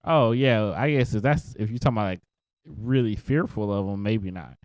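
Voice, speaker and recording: A man's voice: lowish voice, moderate pace, a little mellow, no echo. A man co-hosting a podcast in casual chat, laid-back and laughing easily, swearing now and then. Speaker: podcast co-host.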